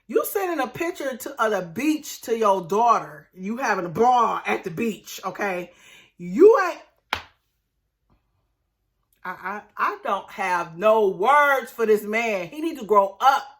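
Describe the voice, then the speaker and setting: Bright, chatty woman recapping a reality show. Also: medium pitch, lively intonation, a little slow, hardly any pauses. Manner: chatty, exclamatory, acts out quotes in dropped voices. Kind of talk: casual recap commentary.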